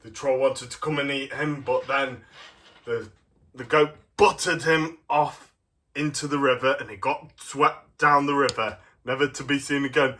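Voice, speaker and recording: A man's voice: medium pitch, fairly even intonation, unhurried, fairly bright tone. A young man giving a casual review of a toy set, rambling and hesitant with many ums.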